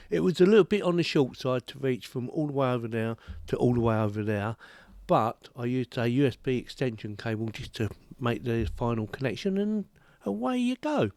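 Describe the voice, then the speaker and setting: Reviewing a boom-arm desk microphone at home, a British tech reviewer rambles in a chatty, self-deprecating way. His medium-pitched voice has a darkish tone, with no echo in the recording.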